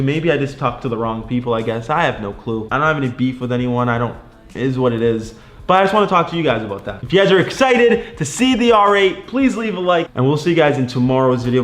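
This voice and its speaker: A young man venting to his viewers in a casual vlog, rambling with lots of fillers. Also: mid-range voice. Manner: rambling, lots of likes and you knows; frustrated then upbeat. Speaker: vlogger. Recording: echoey room.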